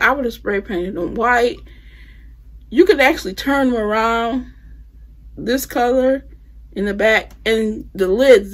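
Chatty woman with a gravelly edge. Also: a little high. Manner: chatty, addresses viewers as "you guys"; Southern US phrasing like "y'all" and "I'ma". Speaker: home decor vlogger. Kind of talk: casual haul chat.

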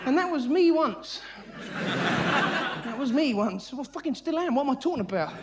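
A comedian in the middle of a live stand-up set, his voice sitting high and leaping wildly as he works himself into a frenzy. His frantic, manic delivery is recorded on a theatre stage. Loud audience laughter and noise fill the room around him. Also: lively intonation, moderate pace, a crowd in the background.

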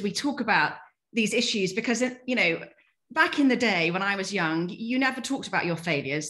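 A woman in her forties from Yorkshire with a light Yorkshire accent, speaking as an interview guest in an earnest, measured way with frequent ums and restarts. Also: mid-range voice, fairly bright tone. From Yorkshire, England. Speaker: guest executive. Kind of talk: reflective interview talk.

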